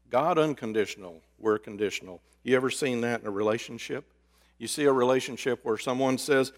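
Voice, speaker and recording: A man preaching a sermon, swinging between loud emphasis and hushed, drawn-out words. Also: medium pitch, lively intonation. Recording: reverberant hall.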